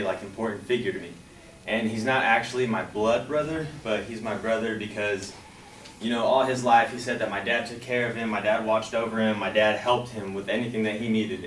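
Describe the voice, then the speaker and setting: A man's voice: fairly low pitch, a bit bright. Young man telling a personal story casually. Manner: casual, halting, heavy use of "like" and "you know". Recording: echoey, distant from the mic, faint background noise.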